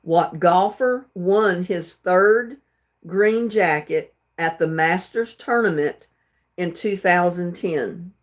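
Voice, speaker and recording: A woman with a lowish voice hosts a casual trivia livestream, speaking slowly as she reads questions aloud and chats with viewers. She laughs often and stumbles over words.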